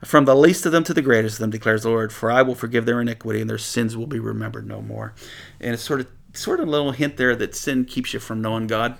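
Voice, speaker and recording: A Bible teacher with a gravelly, mid-range voice gives a verse-by-verse sermon at a quick pace. Animated and often laughing, he reads scripture aloud and then paraphrases it conversationally.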